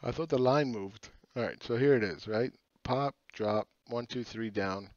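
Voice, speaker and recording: A man's voice: mid-range voice, measured pace, a little mellow, no room sound. A middle-aged man giving blunt, profane, mocking chart commentary in a casual way. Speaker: market commentator. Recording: dull lo-fi sound.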